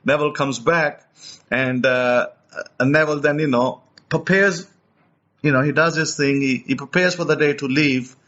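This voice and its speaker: Storytelling preacher man, fairly high voice. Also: normal speed, muffled recording. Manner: animated retelling, repeats and restarts words. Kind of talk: storytelling teaching.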